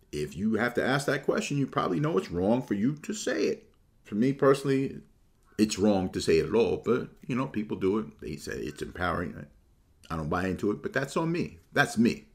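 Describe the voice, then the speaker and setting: A man giving a casual, opinionated sports monologue, shifting between relaxed talk and animated, mocking quotes. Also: lowish voice, gravelly. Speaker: sports commentator.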